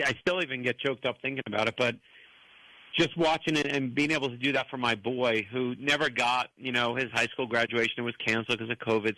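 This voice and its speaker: American guy in his 50s, author on a talk show, acts out quotes, bright voice. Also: medium pitch, dry recording, poor audio. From United States. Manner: animated storyteller who acts out quoted voices. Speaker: author guest. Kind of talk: storytelling interview answers.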